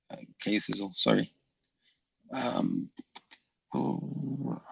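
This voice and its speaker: A man with a gravelly, creaky voice who reads out stream chat and answers it in a dry, unbothered way. His mic sounds dull and lo-fi, and the sound is dry and close. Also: mid-range voice, fairly bright tone, no echo. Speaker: livestream host. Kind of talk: reading chat comments aloud on a stream.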